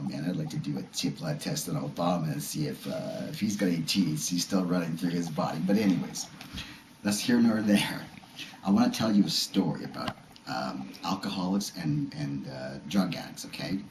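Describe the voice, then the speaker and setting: A man's voice: a bass voice, moderate pace, echoey room, a little hiss or hum. A man in his fifties talking casually and rambling, with many fillers, who acts out short quoted lines while he tells a story. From Canada. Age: 50s. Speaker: vlogger.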